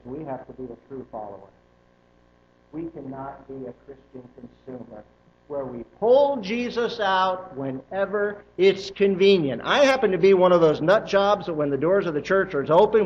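A male pastor preaching a sermon in a church, emphatic and animated, with joking asides to the congregation. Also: sits high, dull audio. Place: church sanctuary.

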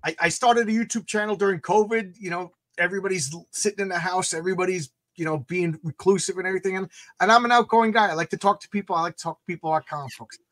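Excitable stammering man on a video call. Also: sits high, fast, no room sound. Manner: excitable, stammers and repeats words. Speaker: guest comic creator. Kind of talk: casual live-stream chat. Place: home comic book room.

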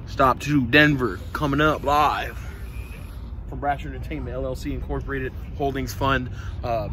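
A man's voice: mid-range voice, fairly even intonation, normal speed. A young man on a road trip with friends, riffing in a joking mock-announcer ramble. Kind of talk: casual banter. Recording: noisy car ambience.

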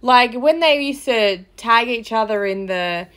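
A woman's voice: on the high side, expressive, a little slow, fairly bright tone, clear, resonant tone. A woman hosting a casual commentary podcast, talking in a loose, gossipy way with lots of fillers and swearing. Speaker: podcast host.

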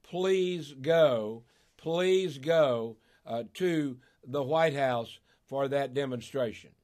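Extremely slowly and in a somewhat dark, medium-pitched voice, an older pastor from Arkansas hosts a call-in radio show. His Southern accent colors a folksy, emotional delivery, with frequent laughter and words drawn out for emphasis.

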